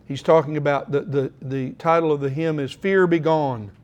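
A man's voice: a little high, fairly even intonation, normal speed, muffled recording. A middle-aged man preaching a sermon in a church room, earnest and exhorting, reading scripture aloud.

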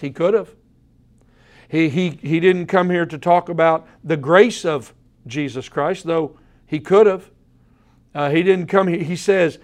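A man preaching an evening sermon, earnest and emphatic, slowing down to repeat key words and addressing his listeners directly. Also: a little high. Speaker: pastor.

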